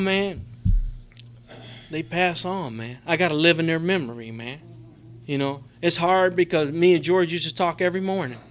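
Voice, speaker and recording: A middle-aged man giving an emotional, profane personal testimony to a recovery group, rambling and filling with "man" and "you know". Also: fairly high pitch. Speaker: recovery convention speaker. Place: convention meeting room.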